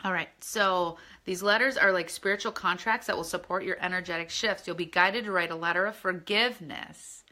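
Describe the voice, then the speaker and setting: A woman's voice: lowish voice, fairly even intonation, a little fast, hardly any pauses, bright, forceful tone. A woman leading a spiritual course, talking earnestly and conversationally and often checking in with her listeners. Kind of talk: casual spiritual teaching.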